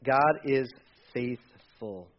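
A male pastor preaches a sermon conversationally, shifting from soft asides to loud, emphatic readings. His mid-range voice moves very slowly, and the recording sounds muffled.

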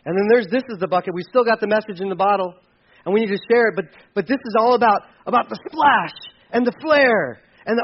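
A man preaching a sermon as pastor, swinging from loud, high emphasis to quiet, low asides and acting out the voices of churchgoers. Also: expressive, fast, breathy edge, lo-fi sound. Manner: acts out quoted voices of churchgoers.

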